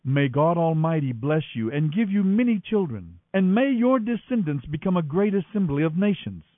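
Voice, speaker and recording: A man's voice: a little high, big pitch swings, normal speed, no room sound, phone-quality sound, voice pushed up. A man voicing an aged, trembling father who speaks solemn blessings, read as dramatic scripture over a radio broadcast. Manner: solemn, grave.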